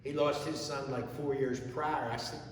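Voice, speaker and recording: Middle-aged Gold Star father, halting testimony, reverb-heavy distant hall sound with faint ambience. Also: medium pitch, fairly even intonation, slight background noise. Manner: plain-spoken, halting, repeats words and restarts. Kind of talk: emotional personal testimony to an audience.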